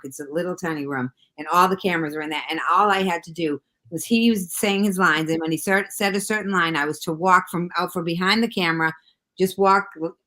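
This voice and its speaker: A woman with a Boston accent rattles off an anecdote at a brisk clip. She tells it like a comedian, acting out the lines of others in a casual talk-show chat. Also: lowish voice. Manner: fast, animated anecdote-telling with acted-out quotes. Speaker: guest comedian.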